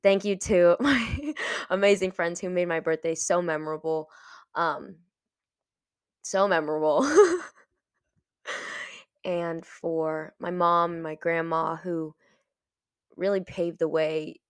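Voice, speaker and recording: A woman's voice: fairly low pitch, slow, pauses often, clean tone, dry recording, studio quality. A 21-year-old woman hosting a solo podcast, chatty and reflective and laughing often as she talks. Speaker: podcast host. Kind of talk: casual solo podcast talk.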